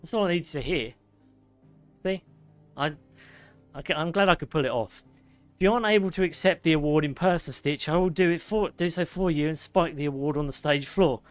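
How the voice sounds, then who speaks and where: A young man streaming a game, reading lore slowly and drawn-out, with joking banter in between. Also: fairly high pitch, soft background music. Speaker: gaming streamer.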